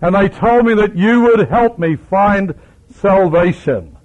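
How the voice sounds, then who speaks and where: A man's voice: sits high, expressive, takes it slowly, darkish tone, pitched above the performer's own voice. A man preaching voices a young lost serviceman asking earnestly for help. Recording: dull lo-fi recording.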